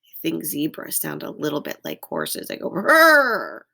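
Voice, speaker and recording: At home indoors, a woman with a low, gravelly voice reads a picture book aloud to young children. She reads slowly and expressively, pausing to invite them to copy the animal sounds.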